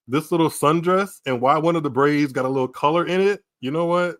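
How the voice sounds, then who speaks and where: A man's voice: on the high side, no echo, clean studio sound. An American man hosting a tennis podcast, reacting to pictures on a live stream with frequent laughter and exclamations. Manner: laughing often, animated reactions, slow drawn-out delivery. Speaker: podcast host. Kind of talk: casual live-stream commentary. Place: small room at home, streaming.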